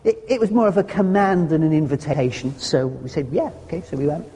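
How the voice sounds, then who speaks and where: A man delivers a sermon in an earnest, chatty way and slips in homely jokes. His voice is mellow and a little husky. It rings through a hall with a long reverb. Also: on the high side, a little fast. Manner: earnest and conversational, with homely humorous asides. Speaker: preacher.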